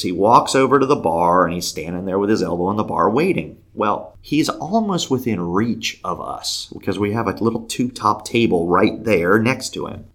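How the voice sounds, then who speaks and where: A man with a fairly low voice tells a story with a lot of swing in his pitch. He talks casually and slips into the voices of the people he describes. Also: a bit bright. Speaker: podcast guest telling a story. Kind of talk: animated storytelling.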